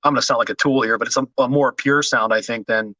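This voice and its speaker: A man talking as a podcast guest in casual chat, hesitant with many restarts and quick to laugh. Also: mid-range voice, fairly even intonation, sharp tone, dry recording, low-quality recording.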